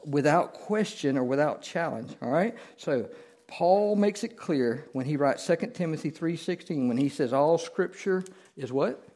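Emphatic preacher man, fairly high voice. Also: mellow. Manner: conversational, asks the room questions, emphatic repetition. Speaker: pastor. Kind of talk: sermon-style Bible class.

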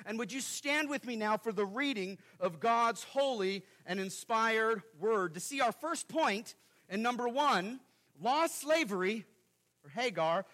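A man preaching a sermon as pastor, earnest and explanatory, swinging between loud emphasis and quiet asides. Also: high voice.

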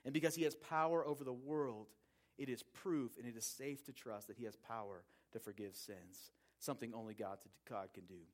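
A man's voice: medium pitch, brisk. A man preaching a sermon and reading scripture aloud. He talks in a conversational way, asks his listeners questions and sometimes repeats words. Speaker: pastor.

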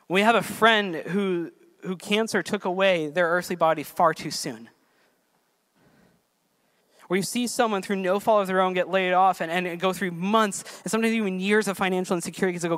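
A man's voice: high voice, normal speed. Earnest male pastor preaching a sermon. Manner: earnest, builds to emphatic peaks then drops soft.

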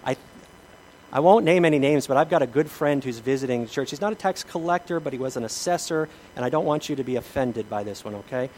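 A man's voice: medium pitch, fast talker, slight background noise, rough recording. A middle-aged man preaching a sermon as pastor, telling the story with humor and acting out the people in it. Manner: animated storytelling with acted-out voices and humor.

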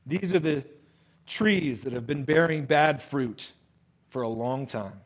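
A male pastor giving a sermon in a conversational way, reading verses and then explaining them, often dropping low and soft on key phrases. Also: takes it slowly, poor audio. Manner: conversational preaching, reads scripture then explains with acted-out voices.

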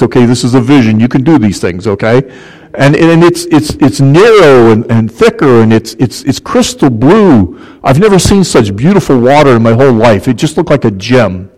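A man's voice: a little high, a little mellow, low-quality recording. A man preaching a sermon in a conversational way, often checking in with the listeners with "okay?" and repeating words as he goes.

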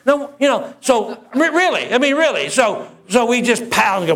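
This sermon comes from a man whose voice is very animated, a little fast, and somewhat bright. He acts out the story's dialogue with big pitch swings, and music sounds faintly behind him.

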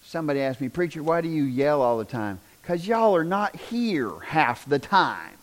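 A high-voiced male preacher delivers a fiery sermon. He swings from loud shouting down to hushed near-whispers, folksy and full of repeated questions to the congregation. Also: big pitch swings, moderate pace. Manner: folksy, repeats "do you understand".

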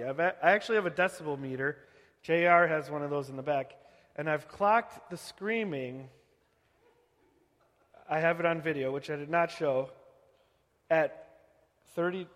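A man in his thirties giving a joking, animated sermon to a congregation in a church hall. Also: a little high. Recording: echoey hall.

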